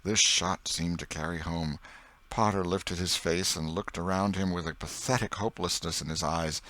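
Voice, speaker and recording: A man reading an audiobook with dramatic, expressive narration. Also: sits low, normal speed.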